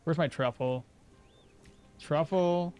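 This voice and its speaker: Speaking slowly in a darkish, somewhat high voice, a young man streams a game with faint music behind him. He chats casually in live-stream style, answering chat questions as he plays.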